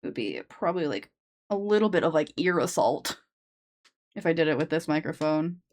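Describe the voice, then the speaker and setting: A woman's voice: deep voice, lively intonation, a little fast, darkish tone. A woman chatting casually on a live stream into a sensitive desk microphone, rambling with lots of fillers and restarts.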